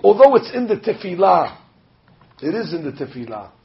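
A man, a rabbi, preaching a sermon with animated storytelling, acting out the voices he quotes. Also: high voice, moderate pace, vocal fry. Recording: dull lo-fi recording.

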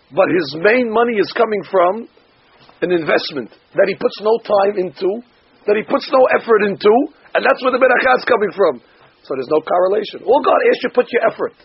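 A man's voice: sits high, husky, dry recording. A man, a rabbi, giving a Torah class, telling stories in an earnest way and repeating words as he searches for them. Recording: dull lo-fi recording.

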